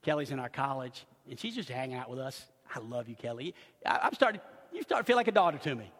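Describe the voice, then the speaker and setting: An older man, a pastor, preaching a sermon and telling family stories with lively, acted-out moments. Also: mid-range voice, fast, slightly rough, long reverb tail. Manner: animated storytelling, acts out loud screams.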